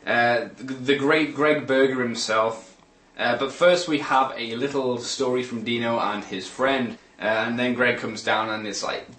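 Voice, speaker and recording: A man's voice: mid-range voice, fairly bright tone, recorded from a distance. A man casually narrating a fan video in an offhand, rambling way, with roomy sound from a bit away from the mic. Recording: roomy room audio from away from the mic with faint noise.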